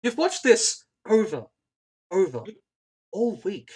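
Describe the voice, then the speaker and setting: Male game master, lively swooping delivery, halting narration full of fillers. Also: high-pitched, slightly rough. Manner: halting, many fillers and restarts, laughs often.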